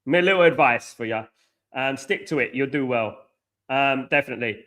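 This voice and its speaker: Middle-aged male stream host, bright and forceful, blunt and argumentative with his chat. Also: medium pitch, moderate pace. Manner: blunt, argumentative, reads out and scolds chat viewers. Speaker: host of a live football watchalong stream. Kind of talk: live match reaction and chat banter.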